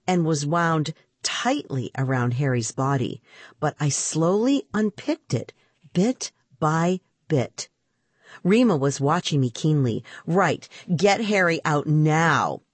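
A woman reading a children's storybook aloud in an expressive, unhurried way. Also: low voice, breathy edge, no echo.

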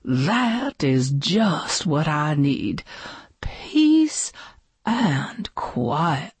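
Brief: woman voices glamorous star dog, female, craves quiet, breathy, slow storybook delivery. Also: low-pitched, big pitch swings, dry recording, full character voice. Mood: weary. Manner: grand, weary of attention, wants peace and quiet. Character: glamorous female movie-star golden retriever.

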